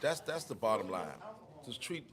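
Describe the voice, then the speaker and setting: A man speaking as a guest in a casual talk, halting and repeating words as he answers. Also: medium pitch, lively intonation, a crowd in the background. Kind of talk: casual chat.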